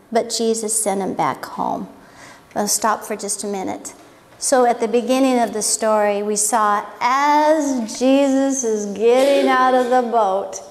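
A woman preaches in a high voice and speaks slowly and deliberately. She tells the story with animation and acts out the voices of the people in it. A long reverb from the hall trails behind her words. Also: slight background noise. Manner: animated storytelling, acting out quotes. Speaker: Bible teacher. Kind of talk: sermon.

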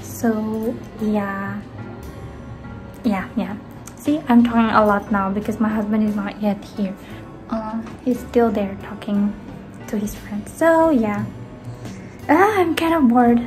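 A young woman from the Philippines vlogging casually at home, rambling and chatty, often trailing off softly. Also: medium pitch, slow pace, faint music behind. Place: indoors at home.

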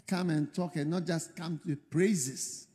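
A man preaching to his congregation, animated, repeating words and acting out prayers. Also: fairly high pitch, measured pace, husky, big-room sound. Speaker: pastor. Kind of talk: sermon.

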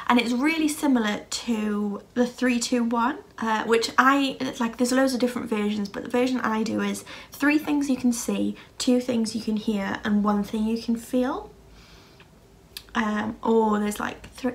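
A woman's voice: fairly high pitch, steady tone, unhurried. A woman vlogger talking casually to camera in a rambling, chatty way, full of fillers and restarts.

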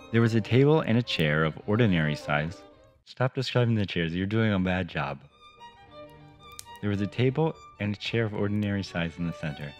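A man reading a children's story aloud and breaking in with sarcastic, deadpan asides. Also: low-pitched. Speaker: reader and host. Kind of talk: audiobook reading with sarcastic commentary.

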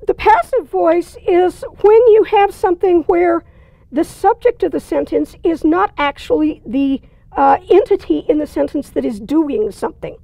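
Writing teacher lady, very high voice with some gravel, chatty explaining, dry sound. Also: expressive, normal speed, dark tone, dry recording. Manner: plain, conversational explaining with dry asides. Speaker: writing instructor. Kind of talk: recorded lecture.

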